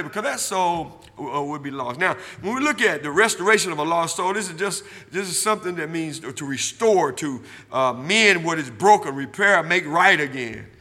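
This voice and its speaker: A man preaching a sermon in church, drawing call and response from the congregation, repeating himself and building from quiet talk to loud shouting. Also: fairly high pitch, in a large hall. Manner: repetitive, asks the church for amens. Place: church sanctuary.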